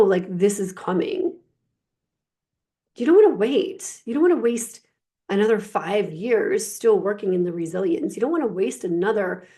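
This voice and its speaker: A woman coach talking casually about softness and emotions, lively and emphatic, full of filler words and rhetorical questions. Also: a little high. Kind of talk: casual spiritual coaching talk.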